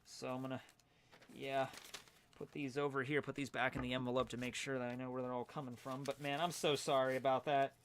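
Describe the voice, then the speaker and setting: A man's voice: medium pitch, flat delivery, brisk, a little hiss or hum. A young man chatting loosely from home on a livestream, rambling with lots of fillers as he goes through fan mail. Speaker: streamer reading fan mail. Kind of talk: casual livestream chat.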